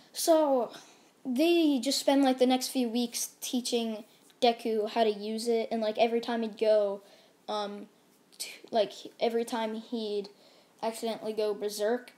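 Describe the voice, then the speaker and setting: A woman's voice: a little high, a little mellow. Rambling woman telling a fan story. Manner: rambling, many fillers and restarts. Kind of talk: casual storytelling.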